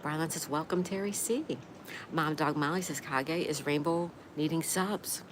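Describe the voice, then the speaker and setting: Low-voiced woman greeting live-stream viewers. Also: moderate pace. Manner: reads viewer comments aloud and greets each by name; warm gushing exclamations. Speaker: livestream host. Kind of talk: casual live-stream chat. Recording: noisy background ambience.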